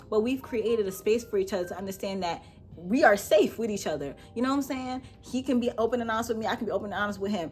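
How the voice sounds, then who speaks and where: A woman's voice: fairly high pitch, lively intonation, fast, soft background music. A young woman hosting her own show, giving relationship advice in a casual, emphatic way and repeating her points with affection. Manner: emphatic, repetitive, playful and affectionate. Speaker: host.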